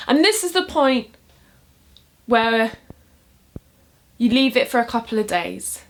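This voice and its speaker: A woman's voice: sits high, a bit bright. A young woman casually explaining how she writes sonnets, chatty and upbeat, with laughs between points. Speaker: poetry tutorial vlogger. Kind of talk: casual instructional talk.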